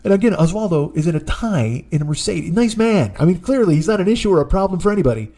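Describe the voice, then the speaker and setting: A man in his forties tells a rambling, profane comic story on his own podcast. His voice sits a little high and jumps around as he gets worked up. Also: expressive, fast talker, dark tone. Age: 40s. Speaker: podcast host, comedian.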